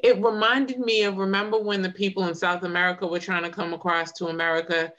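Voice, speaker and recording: A woman co-hosting a podcast discussion, animated and indignant, acting out the exchanges she retells. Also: lowish voice, quick pace. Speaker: podcast co-host. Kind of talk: casual discussion.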